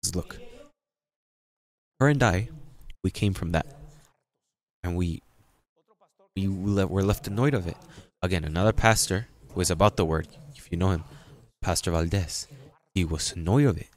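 A male pastor preaching a sermon in an emphatic, repetitive way, rising into loud peaks. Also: low voice, normal speed.

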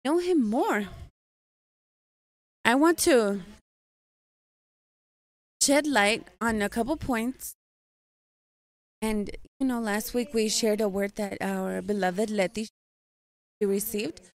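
A woman preaching in a measured, exhorting way. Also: medium pitch. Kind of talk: sermon.

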